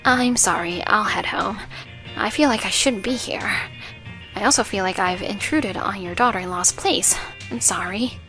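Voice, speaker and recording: A woman's voice: medium pitch, moderate pace, natural voice. A woman voicing an awkward young student who speaks in a hesitant, apologetic way, in a narrated story. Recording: faint music underneath.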